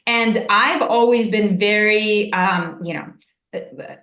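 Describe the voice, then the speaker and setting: A woman's voice: medium pitch, slow, a bit bright, roomy sound. A woman speaking as a webinar guest on a video call, chatting casually and filling her stories with "like" and "you know". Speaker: webinar guest, communications officer.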